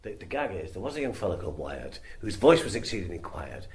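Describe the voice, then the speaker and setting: A man's voice: sits low, quick pace. A man, a comedian guest, chatting through anecdotes and explaining jokes for the listener. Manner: lively, explains gags to the listener. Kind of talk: anecdotal interview chat.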